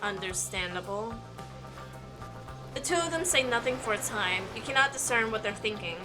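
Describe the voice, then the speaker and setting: A woman streamer with a fairly high voice, reading a game's story aloud in a lively way and tossing in joking comments. Game music runs steadily underneath her. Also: fast talker. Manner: animated, joking asides between read-aloud story text.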